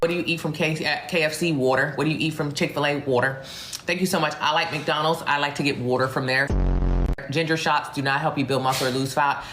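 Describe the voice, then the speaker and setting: A man's voice: a little high, steady tone, a little fast. A man answering live comments as a fitness coach, blunt and mocking as he reads questions and roasts the people who sent them. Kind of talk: blunt livestream Q&A. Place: indoors at home, streaming live. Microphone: phone mic. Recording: music playing behind.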